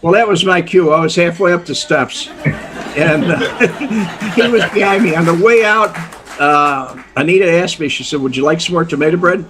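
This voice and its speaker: An older man telling a story as an interview guest, animated, chuckling often and acting out voices. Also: high-pitched, moderate pace, background noise. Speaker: guest, former undercover informant.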